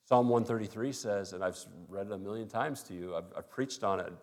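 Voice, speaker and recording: A man's voice: fairly low pitch, fairly quick. A male pastor preaching a sermon in a conversational way, acting out little everyday dialogues.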